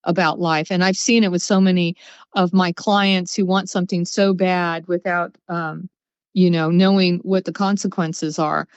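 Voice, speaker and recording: A woman speaks as a guest on a podcast, telling stories in an expressive, conversational way. Her voice comes through slightly dull and lo-fi, with dry, close sound. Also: fairly low pitch, normal speed, clear, resonant tone, no echo. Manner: storytelling, expressive, acts out quotes. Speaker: psychic guest. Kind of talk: casual chat.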